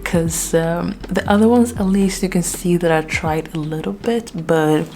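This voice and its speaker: A woman's voice: lowish voice, a little slow, mellow, a little hiss or hum. A woman from Sweden giving a casual bookshelf tour, chatty and self-deprecating with plenty of fillers, a little out of breath. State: slightly out of breath. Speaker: book vlogger.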